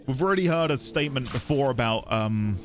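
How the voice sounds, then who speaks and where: A man casually commenting while playing a game, chatty and quick to laugh. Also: medium pitch, slight background noise. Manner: chatty, giggly, animated. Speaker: game streamer. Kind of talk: let's play commentary.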